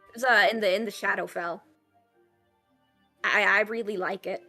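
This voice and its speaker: A woman playing a tabletop game, talking hesitantly in and out of character with many pauses. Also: medium pitch, fairly even intonation, creaky, pushed and bright, faint music behind. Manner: hesitant, trailing off with fillers. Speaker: player. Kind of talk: tabletop role-play, in and out of character.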